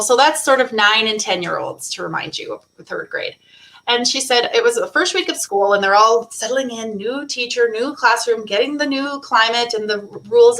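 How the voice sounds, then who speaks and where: A woman co-hosting a live online summit, telling a heartfelt story in an expressive, conversational way over a video call. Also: a little high, low-quality recording. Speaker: co-host. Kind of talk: casual chat.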